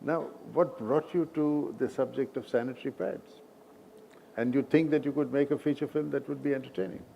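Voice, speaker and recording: A man's voice: mid-range voice, steady tone, moderate pace, vocal fry, highs cut off, a little hiss or hum. A man with an Indian English accent, moderating a live on-stage interview in a large hall and asking the guest questions.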